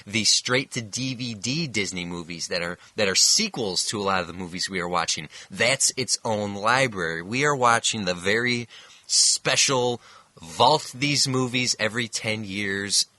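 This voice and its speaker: A man's voice: lowish voice, sharp tone, dry recording. A man co-hosting a casual podcast, rambling and correcting himself as he goes, laughing often. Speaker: podcast co-host.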